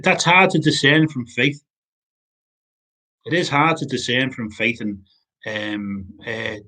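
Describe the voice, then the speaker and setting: A man giving an informal sermon, halting with many restarts and repeated words. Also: mid-range voice, a bit bright. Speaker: pastor.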